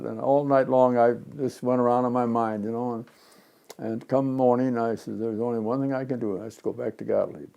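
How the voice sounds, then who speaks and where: A gravelly, dark-toned man in his nineties from Chicago, reminiscing in an interview. He rambles through his memories with animation and slips into the voices of the people he describes. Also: medium pitch, fairly even intonation, normal speed. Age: 90s. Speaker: interviewee, retired pinball designer. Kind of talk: reminiscing storytelling.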